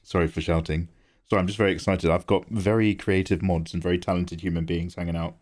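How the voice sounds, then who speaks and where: This streamer talks with viewers while he draws, his low-pitched voice moving fast and sitting close to the mic. It's a casual chat, punctuated by quick bursts of excitement and plenty of swearing.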